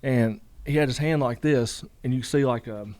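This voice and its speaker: A man's voice: mid-range voice, moderate pace, a little mellow, dry recording. A man, a guest telling a long story in a casual interview, rambling with lots of "you know" asides.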